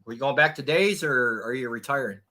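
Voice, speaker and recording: Crude, profane man with a bright voice. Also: medium pitch, a little fast, a little hiss or hum. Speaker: live streamer. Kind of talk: casual live-stream chat with viewers.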